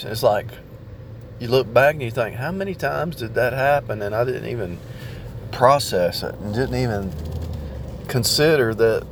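Man, mid pitch, rambling casual monologue with restarts, faint noise behind. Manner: rambling, with restarts and repeated phrases. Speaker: speaker sharing religious reflections.

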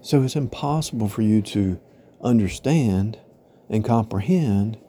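Man, lowish dark mellow voice, loose conversational preacher, drifts through long parables, lots of repetition. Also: animated, a little slow, breathy edge. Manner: rambling, repetitive, parable-style with frequent "right?" and "you know?". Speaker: religious teacher. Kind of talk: informal spiritual teaching monologue.

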